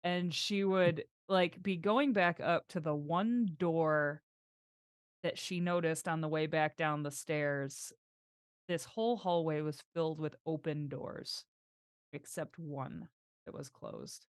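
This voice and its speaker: A woman's voice: low voice, slow pace, smooth, dry recording, clean studio sound. A woman playing a tabletop game, narrating what her character does in a casual, rambling way. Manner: casual, loose narration with fillers. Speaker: player.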